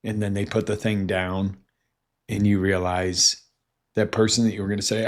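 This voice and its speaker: A man's voice: lowish voice, fairly even intonation, a little slow. A man, a life coach, giving a motivational talk and acting out scenes in quoted voices.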